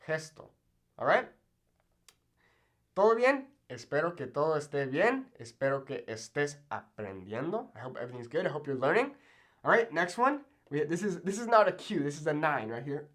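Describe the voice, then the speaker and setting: A young man with a Mexican Spanish accent teaches pronunciation in an upbeat video lesson. His voice sits a little high and swings widely in pitch. He keeps checking in with the viewer, tagging "okay?" onto nearly every point. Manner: animated, checks in with frequent "okay?".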